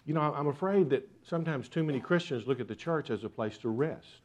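A man's voice: on the high side, lively intonation, brisk, hardly any pauses, a little mellow. Man preaching a sermon. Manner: earnest preaching with repeated rhetorical questions. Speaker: pastor.

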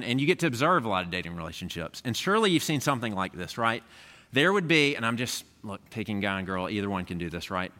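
Bright-voiced male pastor in an echoey hall. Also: mid-range voice. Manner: conversational, checks in with the listeners. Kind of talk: sermon. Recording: echoey hall with long reverb.

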